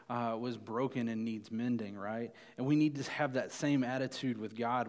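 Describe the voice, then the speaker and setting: A man's voice: mid-range voice, big-room sound. A young man giving a casual youth sermon, telling a family story and often checking in with "right?". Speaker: youth pastor.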